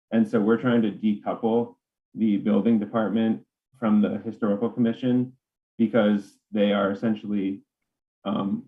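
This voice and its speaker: A man presenting a bylaw proposal at a town council meeting, halting, with many fillers and restarts. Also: lowish voice. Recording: tinny phone-like meeting audio.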